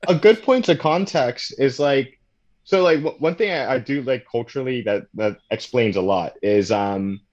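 A man's voice: mid-range voice, darkish tone, highs cut off. A man in casual podcast chat, explaining things thoughtfully as a co-host.

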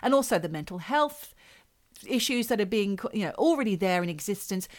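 Casual woman co-host, chatty and jokey, mid-pitched voice, dry close mic. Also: expressive, a little fast, no room sound. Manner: chatty, joking, swears casually. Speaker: podcast co-host. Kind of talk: casual chat.

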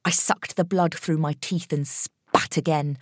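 Lady reading a horror audiobook, lowish voice, measured, no room echo. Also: steady tone, studio quality. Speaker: narrator. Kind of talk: scripted narration of a horror story.

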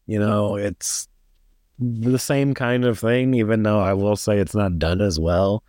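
A man's voice: on the low side, steady tone, unhurried, a little mellow, no echo, clean studio sound. A man co-hosting a podcast, talking about a movie in a blunt, matter-of-fact way and sometimes defending it. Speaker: podcast co-host. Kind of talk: casual movie review chat.

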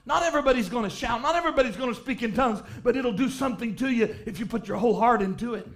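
Delivering a revival sermon at church in rapid-fire fashion, a male preacher with a strikingly high voice reads from old-style scripture. He builds with mounting fervor until key lines come out as shouts.

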